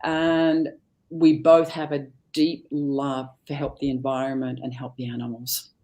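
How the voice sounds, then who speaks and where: A middle-aged woman appears as a guest on a live talk show, speaking a little slowly in a bass voice. In casual chat, she tells animated stories and acts out the family conversations as she goes.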